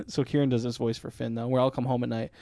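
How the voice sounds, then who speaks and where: A man's voice: medium pitch, brisk, mellow, dry recording, studio quality. A man co-hosting a podcast, telling stories in casual chat with lots of laughter and swearing. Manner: laughing, swearing, slangy storyteller. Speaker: podcast co-host.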